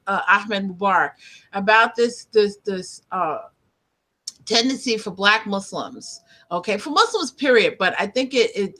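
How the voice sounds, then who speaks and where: A woman with a New York accent interviewing a guest over a video call from a room lined with books, chatty and animated, with many fillers and restarts. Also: medium pitch. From United States, Northeast. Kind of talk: casual video interview chat.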